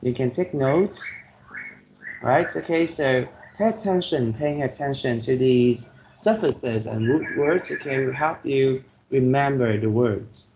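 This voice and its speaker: Slow gravelly Vietnamese-accented male teacher. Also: mid-range voice, muffled recording, background noise. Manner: slow, repeats "okay" and "right?" to check understanding. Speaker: English teacher. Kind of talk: online class lecture.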